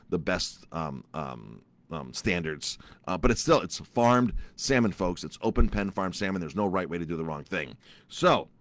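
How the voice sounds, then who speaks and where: A man's voice: fairly low pitch, no echo. A middle-aged man, a chef, telling a story in a casual vlog, ranting with animation and repeating his words often. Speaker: chef and restaurant owner.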